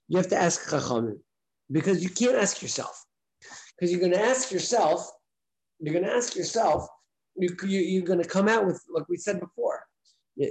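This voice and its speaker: A man's voice: high voice, poor audio. A man, a rabbi, giving a casual spoken lesson to his class, talking conversationally, repeating his points and asking rhetorical questions. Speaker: rabbi teaching a daily class.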